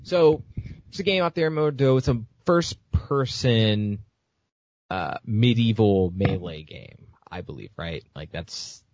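A man's voice: lowish voice, expressive, takes it slowly, darkish tone, no room sound, lo-fi sound. A man hosting a casual gaming news podcast, rambling with lots of fillers and restarts. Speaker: podcast host.

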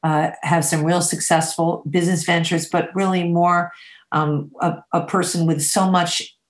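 A woman guest on an interview, telling animated, emphatic stories and swearing casually. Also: lowish voice, measured pace, roomy sound. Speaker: guest, dessert baker.

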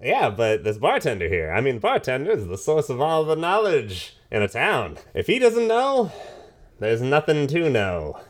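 A man's voice: medium pitch, wildly swooping pitch, moderate pace. A man playing in a tabletop game, joking and slipping into a theatrical in-character voice. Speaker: player. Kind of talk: casual tabletop role-play.

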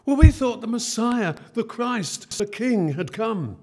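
A man preaching a sermon while voicing an eager, puzzled male disciple who stumbles through excited explanations. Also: high voice, slow, pitched above the performer's own voice, heavily acted.

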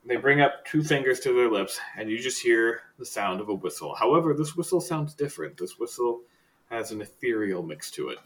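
A male game master narrating a tabletop game in a loose, chatty way, laughing often. His voice sits at a mid pitch. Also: lively intonation, fairly quick, fairly bright tone.

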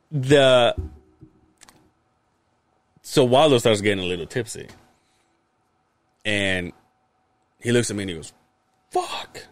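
Young guy telling a story on a podcast, swears a lot, pitch all over the place, dry close sound. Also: no room sound. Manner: animated, swears freely, acts out quoted lines. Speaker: podcast host. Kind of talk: casual storytelling chat.

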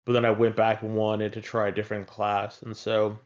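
A man's voice: on the low side, monotone, brisk, muffled recording. A man talking in a casual, rambling way about games he has been playing, with many fillers and restarts. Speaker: podcast co-host.

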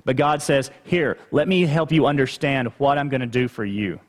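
A pastor preaching a sermon conversationally, with rhetorical questions and asides to the congregation. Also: male voice, medium pitch, moderate pace. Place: church sanctuary. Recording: long hall reverb.

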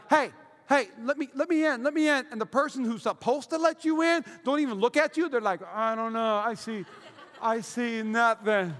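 A man preaching a sermon as pastor, telling lively stories with acted-out quotes and loud asides. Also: high-pitched. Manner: energetic storytelling with shouted asides and acted quotes. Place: church hall. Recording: roomy hall reverb.

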